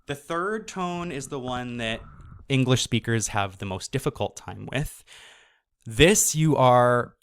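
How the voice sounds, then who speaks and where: A man teaching a course, explaining pronunciation casually and sounding each syllable out slowly. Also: mid-range voice, animated, smooth. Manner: casual, with fillers and self-corrections. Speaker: course instructor. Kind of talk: slow explanatory lesson.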